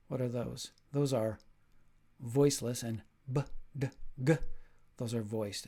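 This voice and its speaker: A man's voice: mid-range voice, darkish tone. Man giving an explanatory lecture. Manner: explanatory, asks the listener questions; demonstrates sounds and rhythm drills. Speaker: teacher. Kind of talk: recorded lecture for teachers.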